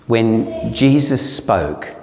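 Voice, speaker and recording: A man's voice: mid-range voice, animated, drawn-out words, gravelly, a little mellow, a little hiss or hum. A middle-aged man with an Australian accent, preaching a sermon in a conversational, storytelling way. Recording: roomy hall with long reverb.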